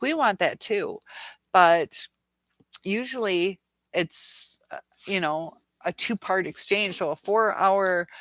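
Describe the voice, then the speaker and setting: A woman's voice: lowish voice, a bit bright, no echo. A woman hosting a casual live stream, answering viewer comments in a chatty way, laughing often, with many fillers and restarts.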